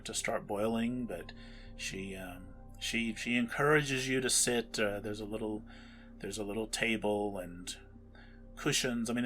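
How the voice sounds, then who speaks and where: Halting, bright-voiced male game master. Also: fairly low pitch. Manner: halting, full of fillers and restarts. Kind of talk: narrating a tabletop game.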